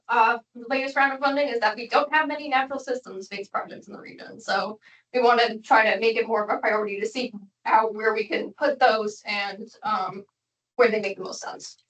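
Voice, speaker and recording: A woman's voice: fairly high pitch, a bit bright. A woman presenting a policy plan at a public meeting, explaining in a careful way with frequent ums. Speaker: planning staff presenter. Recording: echoey room from far off, muffled.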